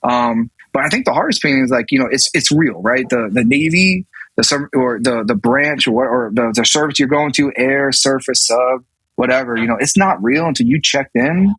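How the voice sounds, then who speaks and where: A man's voice: medium pitch, normal speed, a bit bright, breathy edge, no echo, rough recording. A man in his thirties, a navy command master chief and podcast guest, telling a story casually with many restarts and acted-out quotes. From US South.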